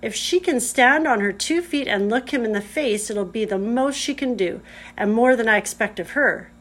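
A woman's voice: on the high side, moderate pace, natural voice. A woman reading aloud, voicing a gloomy, homely male beaver with a rustic, earnest way of talking. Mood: confident.

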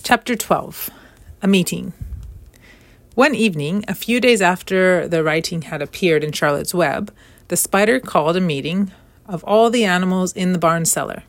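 A woman narrating a children's novel aloud with steady, clear storytelling. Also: fairly low pitch, normal speed, no room sound.

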